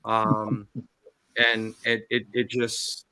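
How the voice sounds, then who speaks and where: A middle-aged man, a pastor, talking about his grief in a halting way, often repeating words. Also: mid-range voice, bright, forceful tone. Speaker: pastor and guest. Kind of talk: emotional talk-show testimony.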